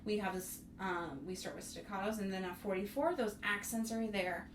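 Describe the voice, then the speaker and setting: A woman's voice: medium pitch, normal speed, over music. A woman teaching young students a piece, speaking in an encouraging way and singing rhythms on syllables to show them. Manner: sings rhythms on syllables to demonstrate. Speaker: bassoon instructor. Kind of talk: music tutorial. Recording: roomy, mic at a distance, faint noise.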